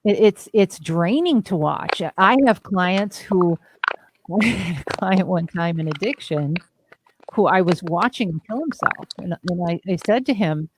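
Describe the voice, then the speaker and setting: A woman's voice: fairly low pitch, animated, a little slow, noisy background. Blunt, emphatic woman therapist. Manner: blunt, emphatic storytelling with swearing. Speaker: therapist and podcast host. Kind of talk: candid podcast discussion.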